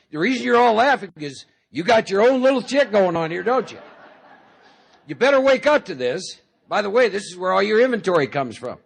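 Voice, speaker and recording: A man's voice: high-pitched, vocal fry, husky. A man speaking as a guest at a recovery meeting, talking in a conversational, joking storytelling way and often checking in with the audience with "see?". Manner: jokey storytelling, acts out inner voices. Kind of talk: speaker talk to a live audience.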